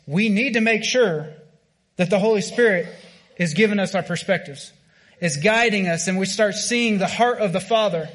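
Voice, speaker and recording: A man's voice: high-pitched, normal speed, fairly bright tone. Casual man preaching a sermon. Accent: American. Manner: casual, conversational preaching with frequent fillers and restarts.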